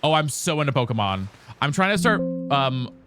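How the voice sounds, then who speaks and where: Sing-song and mid-range, a man's voice moves at normal speed as he streams a game live. He chats casually, swears, calls his audience "girl and guys," and keeps asking teammates whether they have mics.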